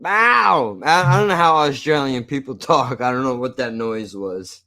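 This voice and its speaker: A man's voice: mid-range voice, moderate pace, a bit bright. A man chatting casually on a live stream. He jokes, swears a lot and laughs often. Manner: profane, joking, laughs often.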